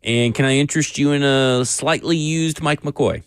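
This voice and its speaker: A man's voice: mid-range voice, normal speed, smooth, dry recording. A man hosting a sports call-in radio show from the studio, bantering easily and laughing often. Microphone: studio mic.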